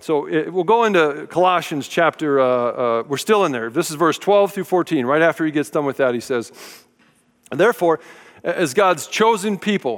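A man delivers a sermon in a relaxed, folksy, conversational way, joking now and then. His voice sits high for a man. The recording carries a long hall reverb, as in a church sanctuary. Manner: conversational, folksy preaching with humor. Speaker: pastor.

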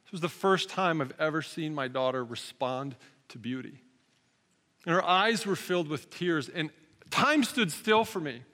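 A man in his thirties, a pastor preaching a sermon in a relaxed, conversational storytelling way, acting out his own lines. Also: a little high, moderate pace, big-room sound. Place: church sanctuary.

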